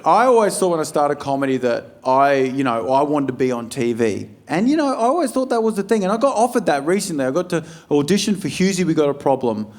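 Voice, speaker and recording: Blunt Australian stand-up comedian. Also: male voice, medium pitch, slight background noise. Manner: blunt, deadpan asides with sudden loud outbursts. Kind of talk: stand-up set. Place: comedy club stage with audience.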